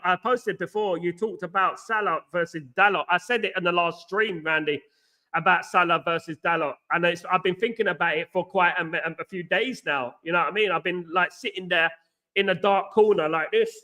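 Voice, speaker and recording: A man's voice: sits high, sharp tone. A man hosting a casual football live stream, passionate and rambling as he reads the chat aloud. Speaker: livestream host and football fan.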